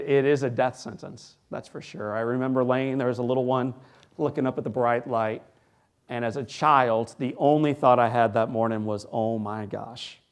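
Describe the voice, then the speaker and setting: Man in his forties, keynote speaker, storytelling with dramatic pauses, hushed then booming, mid-pitched voice. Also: smooth. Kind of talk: inspirational keynote speech. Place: large hall before a live audience.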